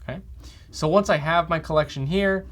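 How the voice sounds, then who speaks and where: A man with a voice on the high side teaches a front-end developer lesson in a software screencast tutorial. He talks steadily at a moderate pace, frequently checking in with "okay?".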